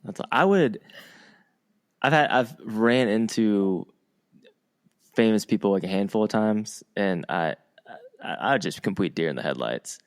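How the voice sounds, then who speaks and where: A man's voice: fairly low pitch, animated, measured pace, long pauses. A man hosting a podcast, telling a rambling anecdote in casual chat. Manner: rambling anecdotes with restarts and laughs. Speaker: podcast host.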